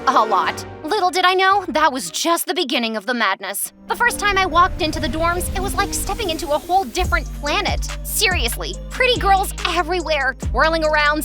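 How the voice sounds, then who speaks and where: A young woman tells her story in a very high, bright voice that leaps around in pitch. She sounds chatty and bubbly, like scripted cartoon-story narration, with background music running under her.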